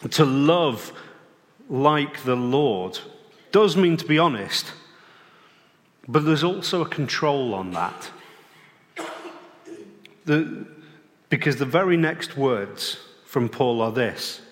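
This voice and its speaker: Preacher in a reverberant hall. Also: male voice, fairly high pitch, lively intonation, a bit bright. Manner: plain-spoken, conversational, with pauses and restarts. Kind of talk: sermon. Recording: long reverb of a large hall.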